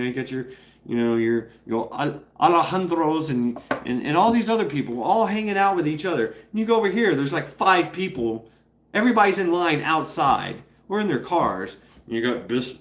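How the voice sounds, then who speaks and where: A man ranting loosely to a livestream audience, swearing freely and tripping over his own words as he restarts sentences. He breaks into short impressions of other people as he goes. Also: medium pitch. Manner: profane, rambling, with many restarts. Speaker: streamer. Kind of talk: casual livestream rant.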